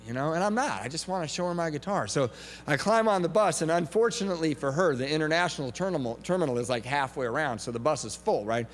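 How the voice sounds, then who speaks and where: A man giving a talk at a recovery meeting, telling a story with lively comic timing and shouting some punchlines. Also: a little high, quick pace. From from Southern California. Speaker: AA speaker. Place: large hall with audience. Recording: reverberant hall recording with faint hum.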